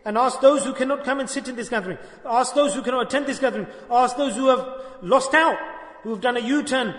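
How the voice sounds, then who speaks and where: A Sufi sheikh preaches to a dhikr gathering in an extremely high, brisk voice, earnest and repetitive, questioning his listeners and weaving in Arabic devotional phrases. The hall is echoey with long reverb.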